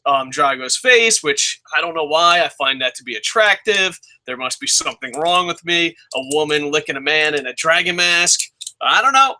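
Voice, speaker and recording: A young man giving a casual spoken review of a wrestling show, excitable and swearing freely as he rants. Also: a little high. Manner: excitable, profane ranting.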